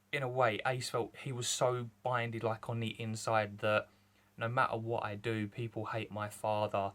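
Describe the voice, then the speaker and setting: A young man, reviewing a manga chapter in rambling, excited casual chat. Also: mid-range voice. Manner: rambling, excited, lots of fillers.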